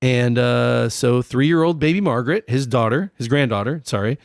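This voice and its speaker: A young man with a medium-pitched, creaky voice speaks at a moderate pace as co-host of a comedic history podcast. He narrates in a profane, jokey style with silly voices, and the studio-quality recording has no room sound.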